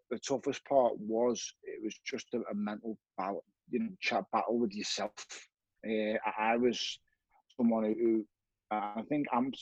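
A man's voice: fairly low pitch, a little mellow, breathy edge, no room sound, dull audio. A man, a former boxer, telling his story as a guest with blunt, frequent swearing and acted-out dialogue. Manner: blunt, swears often, acts out remembered dialogue. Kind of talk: candid conversational storytelling.

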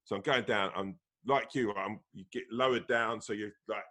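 Guy hosting, low-ish voice, swearing nonstop, animated storytelling. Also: moderate pace. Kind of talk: casual chat.

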